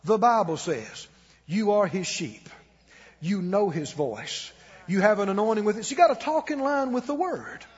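A man's voice: high voice, animated, moderate pace, breathy edge, big-room sound, dull audio. A male pastor preaching a sermon in a church, emphatic and urging the congregation to repeat his words aloud. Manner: emphatic, calls the congregation to repeat after him. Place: church sanctuary.

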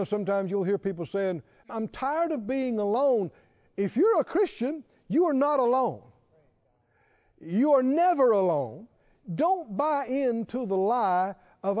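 A high-pitched man preaching with passion, his voice swooping up to emphatic peaks. He speaks slowly, with a mellow, warm tone. The recording is dull and lo-fi, with a long reverb trail. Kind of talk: sermon.

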